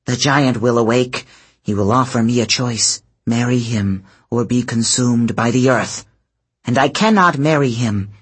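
A man's voice: mid-range voice, fairly bright tone, slightly rough. A man voicing an imperious, commanding goddess who speaks in a clipped, grumbling way. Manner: clipped, grumbling, slow and stern. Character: haughty imperious goddess, woman, old and commanding.

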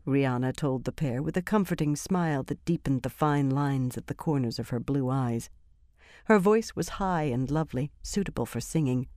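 A woman narrates a fantasy novel in a measured, even storytelling manner. Her voice sits low. The recording is dry and close, with no room sound. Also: no room sound. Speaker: audiobook narrator.

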